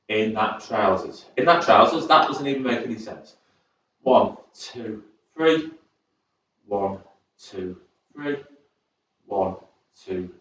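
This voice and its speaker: In a community sports centre, a young male fitness instructor gives chair exercise class instructions, chatty and encouraging, wandering into rambling asides. His voice is medium in pitch. The recording is dull with a faint hiss, and he sounds distant in the echoey hall.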